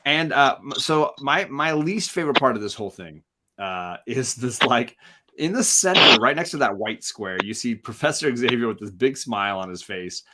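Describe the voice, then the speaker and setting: A man's voice: medium pitch, moderate pace, a little hiss or hum. A man hosting a casual live comic book discussion, joking and acting out characters in silly voices. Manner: animated, acts out characters in jokey voices. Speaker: podcast host.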